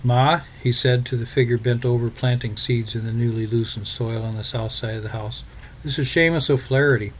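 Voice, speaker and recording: A man narrating a story in a steady, measured way. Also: medium pitch, a little hiss or hum, poor audio. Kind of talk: scripted audiobook narration.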